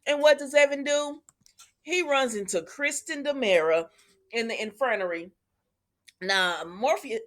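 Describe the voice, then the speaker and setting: A woman chatting casually to her viewers as she recaps a soap episode, retelling scenes and calling them y'all. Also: fairly high pitch. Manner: retells scenes, quoting characters. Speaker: soap opera reviewer.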